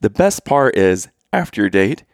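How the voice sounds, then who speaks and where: A man's voice: fairly low pitch, big pitch swings, moderate pace, no echo, clean studio sound. A man telling dad jokes to his wife and laughing at his own punchlines in a playful, casual way. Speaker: joke-telling husband. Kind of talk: casual dad-joke storytelling.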